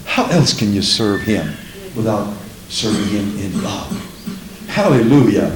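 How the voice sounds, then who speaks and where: A man's voice: on the low side, very animated, unhurried, echoey room, background noise. A man preaching a sermon in an emphatic way, repeating lines and asking the congregation questions.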